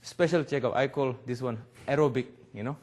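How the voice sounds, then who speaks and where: A man in his forties, a Buddhist teacher, giving a public talk in broken English and telling lively stories. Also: mid-range voice, brisk, slight background noise. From Nepal.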